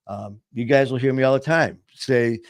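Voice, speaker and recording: A man's voice: mid-range voice, normal speed. A man co-hosting a podcast in casual chat. His voice sits mid-range, and he talks in a rambling, upbeat way that keeps restarting. The sound is dry and close, with no room echo. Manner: rambling, self-interrupting, upbeat. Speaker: podcast host.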